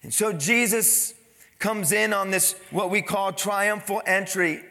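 Bright high-voiced preaching man. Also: slow, big-room sound, soft background music. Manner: dramatic preaching, acting out crowd voices. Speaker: pastor. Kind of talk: sermon.

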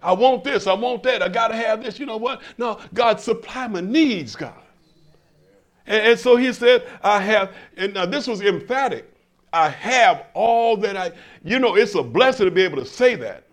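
A man's voice: sits high, expressive, normal speed. An older man preaching a sermon to a congregation, with stammered restarts, emphatic swells and call-and-response questions. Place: church in front of a congregation.

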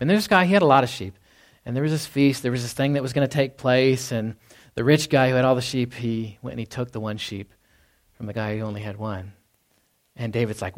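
A man's voice: medium pitch, fairly even intonation, fairly quick. A man preaching a sermon to a congregation in a conversational way, often acting out quotes and asking "right?". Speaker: pastor. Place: church hall before a congregation.

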